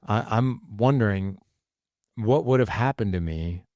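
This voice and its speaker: A man's voice: on the low side, lively intonation, measured pace, a little mellow, no room sound, studio quality. A middle-aged man hosting a podcast, chatting casually with his son and reacting with short remarks. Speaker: podcast host, father. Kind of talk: casual conversation.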